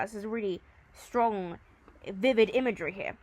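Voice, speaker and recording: A woman teaching a recorded Latin lesson, reading verse lines slowly and then explaining them in plain, chatty terms. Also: mid-range voice, no echo.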